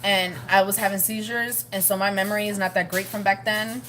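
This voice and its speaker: A woman's voice: mid-range voice, steady tone, fairly quick, fairly bright tone. A woman vlogging in a rambling, chatty way, laughing often as she talks to her viewers. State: pregnant, with morning sickness. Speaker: family vlogger. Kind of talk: casual chat to camera.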